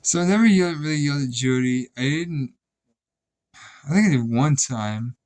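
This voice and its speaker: A man's voice: mid-range voice, animated, moderate pace, darkish tone. A young man casually telling rambling, profane stories about his old job, with many restarts. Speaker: vlogger. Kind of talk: casual storytelling.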